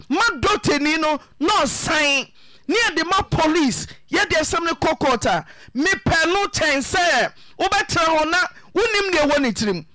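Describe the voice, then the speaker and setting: A Ghanaian woman hosting a radio advice show, questioning a caller in an emphatic, scolding way that sometimes turns to shouting. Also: high voice. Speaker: radio counsellor host.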